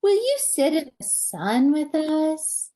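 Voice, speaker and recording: A woman's voice: sits high, sing-song, slow pace, warm tone, pitched above the performer's own voice, exaggerated voice. A woman voicing a friendly house cat in a storybook read-aloud, meowing and sing-song. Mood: playful.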